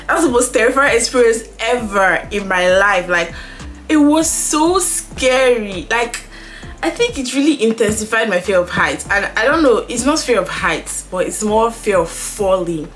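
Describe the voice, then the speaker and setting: A young woman telling a story in a casual, animated way while doing her makeup on camera, acting out the dialogue. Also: on the high side, normal speed, soft background music. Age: young adult. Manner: animated, dramatic retelling with quoted dialogue. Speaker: beauty vlogger.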